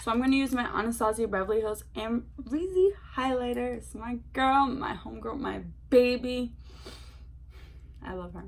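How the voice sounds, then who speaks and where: A young woman chatting excitedly as a beauty vlogger while doing her makeup, full of slang and filler words. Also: a little high, normal speed, creaky.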